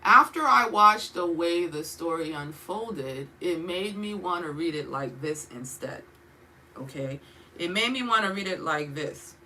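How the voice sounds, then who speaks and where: A woman's voice: lowish voice, lively intonation, a little slow, bright, forceful tone, slight background noise, low-quality recording. A woman giving a casual Bible teaching in a conversational way, asking questions and checking in with her listeners often.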